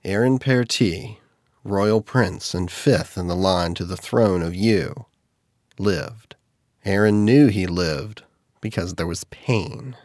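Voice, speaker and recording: A man reading an audiobook in steady, measured scripted narration. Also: low voice, dry recording, clean studio sound.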